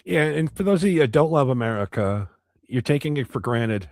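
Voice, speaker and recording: A man's voice: medium pitch, animated, fairly quick, darkish tone, no echo, studio quality. A man co-hosting a casual podcast, joking and chuckling in loose fragments. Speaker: podcast co-host. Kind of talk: casual chat.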